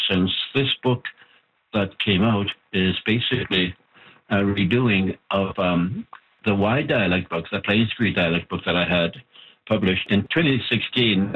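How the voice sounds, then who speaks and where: A man, an author of a language book, giving measured, explanatory interview answers with pauses. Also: lowish voice, husky. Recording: tinny phone-like line.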